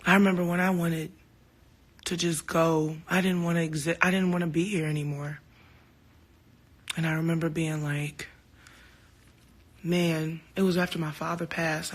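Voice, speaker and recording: In a deep voice at a moderate pace, pausing often, a woman livestreams to her fans from a phone camera. The talk is casual, candid and heartfelt, with free swearing and lively stories built on quoted dialogue.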